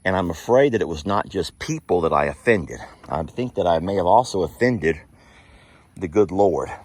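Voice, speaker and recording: A man's voice: deep voice, expressive, moderate pace, a little mellow, no echo. A man talking through a rambling, reflective farm vlog outdoors, speaking straight to his viewers. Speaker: farm sanctuary video creator. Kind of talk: casual vlog monologue to viewers.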